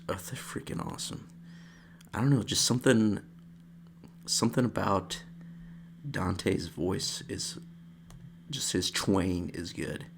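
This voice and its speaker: A man's voice: sits low, creaky, slight background noise. A man hosting his own channel, casually breaking down a grappling match in a rambling, filler-heavy way. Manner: rambling, filler-heavy, says "freaking" a lot. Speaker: channel host.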